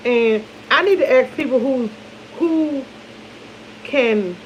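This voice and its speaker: This vlogger's high-pitched voice moves slowly as she rambles over coffee, laughing, losing her thread, and addressing viewers as y'all. The highs are cut off, and a little hiss or hum runs underneath.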